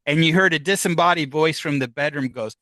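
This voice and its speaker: A slightly high, sharp-toned man's voice comes through a low-quality recording without echo. As a podcast interview guest from Upstate New York, he tells a lengthy story haltingly, with lots of fillers and restarts, and acts out what others told him.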